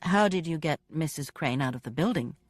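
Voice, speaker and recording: A woman reader voicing a brisk young man questioning a witness, her voice slightly lowered. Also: expressive, no room sound.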